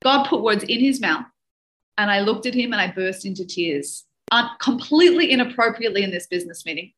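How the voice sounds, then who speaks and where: Woman, dating coach, bright tense tone, emotional storytelling, Hebrew and Yiddish words, interview. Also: medium pitch, lively intonation, brisk, low-quality recording. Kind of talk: personal storytelling in a podcast interview.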